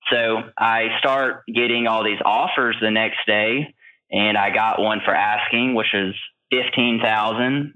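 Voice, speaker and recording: A male guest in an interview, telling his story in an animated way with many fillers. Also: lowish voice. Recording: tinny phone-like line.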